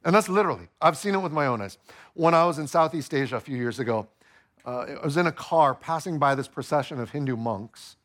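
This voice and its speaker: A male pastor preaching a sermon, playful and animated, acting out the voices of the people in the story. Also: on the high side, fast talker.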